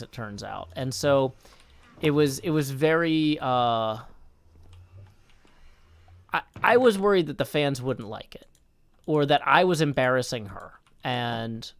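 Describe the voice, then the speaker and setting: A man's voice: medium pitch, smooth, no room sound. A tired man chatting casually on a live stream, rambling and correcting himself as he reads out chat. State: tired from little sleep.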